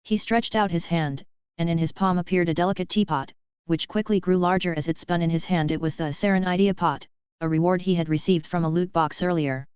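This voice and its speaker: A woman narrates a web novel audiobook in a steady, even manner. Her voice sits low and sounds very smooth and clear. The recording is dry, with a slightly dull, lo-fi tone. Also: brisk, no echo.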